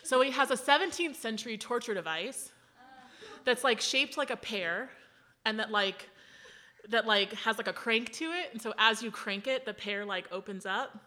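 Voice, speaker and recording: A woman in her thirties telling a casual story, animated, laughing often and saying "like" a lot. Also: on the high side, normal speed. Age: 30s.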